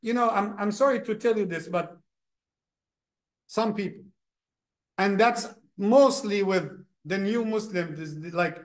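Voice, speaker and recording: An imam giving a lesson at a mosque. He talks in a lively way, often repeats words, and acts out the people he describes. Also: high-pitched, measured pace, long pauses.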